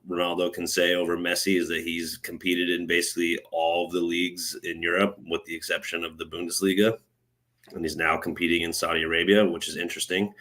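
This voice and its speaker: Flat, bright-voiced male guest. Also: sits low. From US West Coast. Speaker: guest soccer expert. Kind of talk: casual panel chat. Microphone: Bluetooth headset on a video call.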